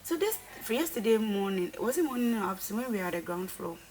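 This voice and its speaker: An earnest young woman talks through a falling-out, circling back and repeating herself as she acts out what was said. Her pitch sits in the middle, and there is a faint hum of ambience behind her. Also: fast. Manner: earnest, repetitive, animated retelling with quoted dialogue. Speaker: reality show contestant. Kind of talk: casual conversation.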